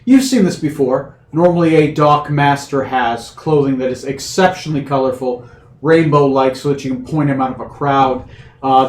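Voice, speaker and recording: A man narrates a tabletop game as game master at a middle pitch. His speech is hesitant and full of fillers. The sound carries the echo of a room. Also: a little mellow, slight background noise. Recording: echoey room.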